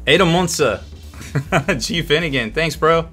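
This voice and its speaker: A man's voice: on the high side, a little slow, pushed and bright, soft background music. A man hosting a hobby painting show in casual live-stream chat, upbeat and rambling, laughing often.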